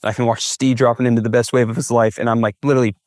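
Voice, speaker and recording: Speaking in a mid-range voice that's level in tone, a little mellow, and racing along, this young man is a big wave surfer from California. As a podcast guest he retells his experiences vividly, voicing his inner thoughts aloud, on a dry, clean studio recording.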